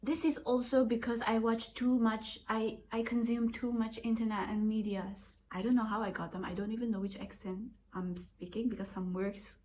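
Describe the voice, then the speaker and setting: A woman's voice: on the high side, steady tone, normal speed, few pauses, darkish tone, a little hiss or hum. A woman in her twenties with an accent that mixes British and Australian, rambling and self-deprecating as she talks to her own camera. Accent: mixed British and Australian. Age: 20s. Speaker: vlogger. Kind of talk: casual rambling vlog.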